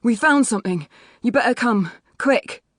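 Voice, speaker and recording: A woman's voice: fairly high pitch, lively intonation, moderate pace, no echo, clean studio sound, pitched above the performer's own voice. A woman doing a breathless young builder lad. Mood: urgent. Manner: words tumbling out in a rush.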